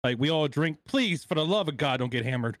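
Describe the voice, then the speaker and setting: A man's voice: fairly high pitch, lively intonation, a little fast, dry recording, clean studio sound. A man co-hosting a casual podcast chat, laid-back and jokey. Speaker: podcast co-host.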